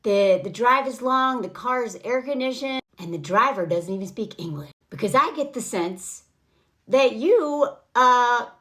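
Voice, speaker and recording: A woman with a high, very lively voice rattles through a film recap in a chatty vlog style. She is sarcastic and mocking, and her pitch leaps around as she pokes fun at what happens on screen. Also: a little slow. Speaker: film reviewer. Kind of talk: casual commentary recap.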